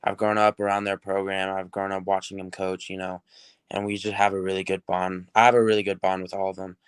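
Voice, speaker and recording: A teenage football recruit from New Mexico, answering interview questions in an upbeat, rambling way with many fillers. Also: male voice, low-pitched, flat delivery, brisk, clean tone, no room sound. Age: teens.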